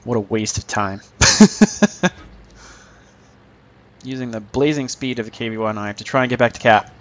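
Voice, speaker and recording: A man's voice: mid-range voice, moderate pace. A man giving casual, joking commentary over his own tank gameplay, mocking himself and chuckling often.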